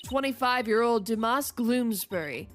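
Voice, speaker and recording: A woman's voice: fairly high pitch, expressive, unhurried, faint music behind. Woman voicing a formal TV news anchor on a game stream. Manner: formal newsreader delivery.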